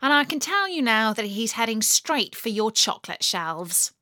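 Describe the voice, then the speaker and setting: A woman reading the lines of a brisk, reassuring emergency telephonist. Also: a little high, sing-song, sharp tone, dry recording, clean studio sound. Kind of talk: storybook reading.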